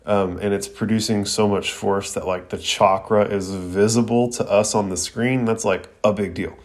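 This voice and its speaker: A young man hosts an anime review show, talking through the episode in loose, slangy chat. His voice sits a little low. He laughs easily, swears now and then and restarts his sentences. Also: steady tone, moderate pace. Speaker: podcast host reviewing anime. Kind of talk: casual episode recap.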